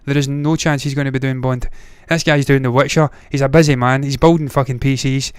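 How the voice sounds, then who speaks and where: A man's voice: mid-range voice, steady tone, brisk, clean tone, dry recording, studio quality. A man hosting a movie news livestream, giving blunt, opinionated takes with frequent swearing. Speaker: movie news show host. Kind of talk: casual livestream commentary.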